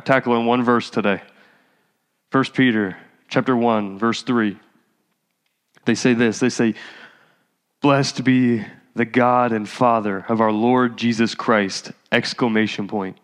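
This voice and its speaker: Man preaching in a reverberant church hall. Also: fairly low pitch. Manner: conversational preaching, rising to exhortation. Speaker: pastor. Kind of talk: sermon.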